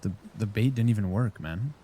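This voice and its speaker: A man's voice: lowish voice, normal speed, mellow, slight background noise. A man streaming a game, rambling and joking casually as he talks to his chat. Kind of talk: casual live-stream chat while gaming.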